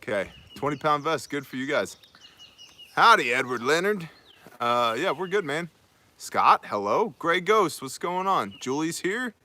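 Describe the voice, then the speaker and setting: Upbeat joking man with a bright voice. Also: on the high side, very animated, measured pace. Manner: joking and upbeat, reading out viewer names. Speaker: host of a live prepper show. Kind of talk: casual livestream chat greeting viewers. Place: outdoors on a homestead.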